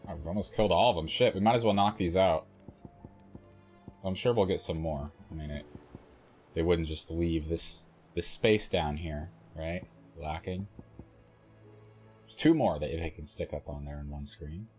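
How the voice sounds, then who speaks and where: Low-voiced streamer muttering over gameplay. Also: male voice, normal speed, long pauses, faint music behind. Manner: mumbling, swearing, thinking aloud. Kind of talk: casual gameplay commentary.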